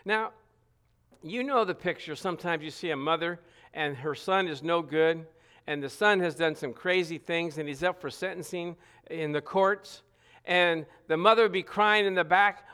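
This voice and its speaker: A middle-aged man preaching a sermon, earnest, stressing scripture with repeated phrases and some halting restarts. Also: sits high, animated, pushed and bright, smooth. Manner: earnest, reads scripture aloud with emphatic repetition.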